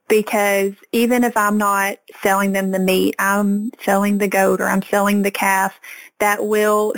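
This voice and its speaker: A woman's voice: mid-range voice, gravelly, poor audio. A woman farmer from Arkansas with a Southern accent, talking earnestly as a guest in a casual podcast interview. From Arkansas, USA.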